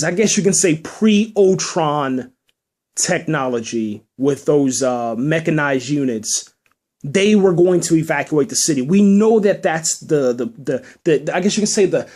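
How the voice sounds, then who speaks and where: A man with a fairly high voice talks alone into the mic as a podcast host. He is emphatic and emotional, circling back and repeating words as he presses his point. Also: darkish tone. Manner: emphatic, repeats himself when worked up. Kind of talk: solo spoken movie review.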